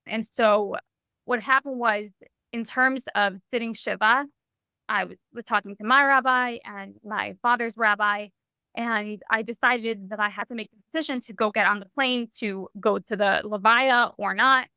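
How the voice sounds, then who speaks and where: Bright-voiced young woman telling a story. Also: on the high side, normal speed, smooth, no echo. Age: young adult. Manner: animated, heavy use of "like", frequent restarts. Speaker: podcast guest. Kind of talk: personal storytelling in conversation.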